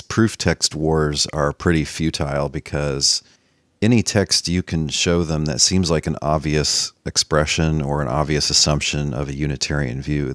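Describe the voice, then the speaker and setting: A man hosting a casual podcast talk about theology, explaining his reasoning in a wry, measured way. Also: rumbling low, a bit bright, dry recording, studio quality. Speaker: podcast host.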